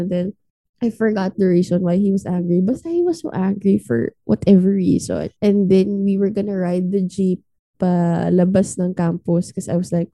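Mellow-voiced Filipino woman telling a story. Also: medium pitch, normal speed, no echo. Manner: animated, switching between English and Filipino, acting out quoted lines. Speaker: podcast co-host. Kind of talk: casual storytelling chat.

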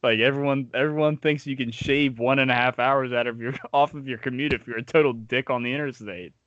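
A man's voice: medium pitch, steady tone, fairly quick, a bit bright, dry recording. Laid-back man, muffled dry audio. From Southern United States. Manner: laid-back, profane storyteller who laughs often. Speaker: podcast co-host. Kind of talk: casual chat.

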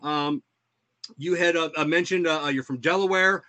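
A man's voice: on the high side, normal speed, sharp tone. A male podcast host chatting casually, laughing often and stumbling over repeated words as he starts sentences. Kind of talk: casual chat.

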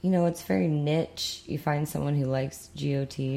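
An American podcast co-host, a young woman, speaks at normal speed in a low, gravelly, dark-toned voice heavy with vocal fry. She rambles casually and drops in sarcastic asides.

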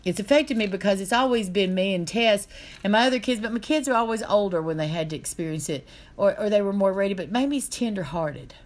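A woman's voice: mid-range voice, expressive, brisk. A middle-aged woman, telling a painful story in an earnest, aggrieved way. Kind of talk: casual chat.

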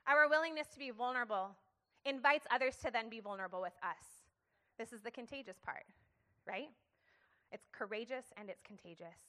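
A woman's voice: fairly high pitch, a little fast, fairly bright tone. A young adult woman giving a passionate, emphatic sermon-style talk to a church audience, calling for responses. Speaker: speaker sharing her story at church.

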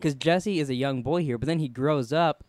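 A man's voice: a little high, normal speed, darkish tone, no echo. A man co-hosting a podcast in casual chat, rambling and laughing often at himself. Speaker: podcast co-host.

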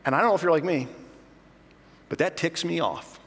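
Animated preacher man in an echoey hall. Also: on the high side, a little fast. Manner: storytelling, self-mocking, animated. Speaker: pastor. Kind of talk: sermon.

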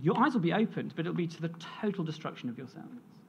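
Earnest, expressive preacher. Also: medium pitch, quick pace, gravelly, a little hiss or hum. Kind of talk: sermon.

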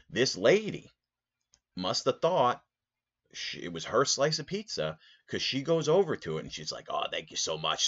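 A man with a very deep voice tells a casual podcast story, rambling and animated, with plenty of "like" and "uh". The sound is dull and a bit lo-fi. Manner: rambling, animated, full of fillers. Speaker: podcast host.

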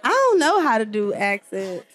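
A woman's voice: on the high side, huge pitch swings, moderate pace, a bit bright, soft background music. A woman guesting on a podcast in casual chat, teasing and questioning.

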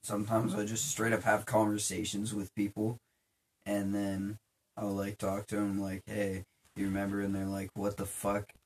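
Animated young guy telling a dream story. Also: on the low side, moderate pace, breathy edge. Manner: animated storytelling, profane, acts out his own reactions. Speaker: podcast co-host. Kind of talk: casual podcast chat.

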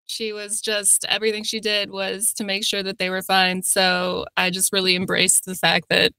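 A woman's voice: medium pitch, creaky, sharp tone, clean tone, dry recording. A woman voice actor speaking earnestly in a casual group interview.

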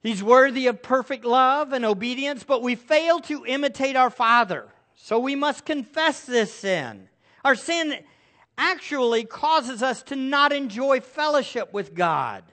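A man's voice: very high voice, lively intonation, a little slow, pushed and bright. A middle-aged male pastor preaching a sermon, asking the congregation rhetorical questions.

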